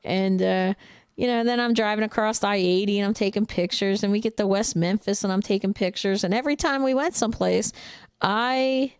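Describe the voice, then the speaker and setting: A woman's voice: medium pitch, fairly even intonation, brisk, clear, resonant tone, no echo, studio quality. A woman truck driver and trainer with a New Jersey accent, chatting casually with viewers on a livestream, blunt and outspoken, laughing often. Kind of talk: casual livestream chat reading viewer comments.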